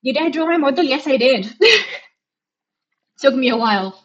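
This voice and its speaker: A woman's voice: high voice, lively intonation, moderate pace, long pauses, highs cut off. A young woman from Romania with a mixed Romanian and British accent, chatting casually and rambling with frequent giggles as a live streamer. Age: young adult. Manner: giggly, rambling, self-mocking.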